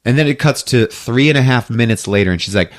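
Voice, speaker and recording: A man hosting a podcast, recapping a movie in a casual chat, laughing often and switching into high put-on voices for the characters. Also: quick pace. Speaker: podcast host.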